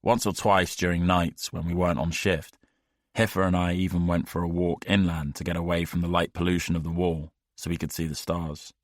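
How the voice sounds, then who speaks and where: Deep-voiced guy narrating an audiobook, measured and wry, really dry close sound. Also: dry recording.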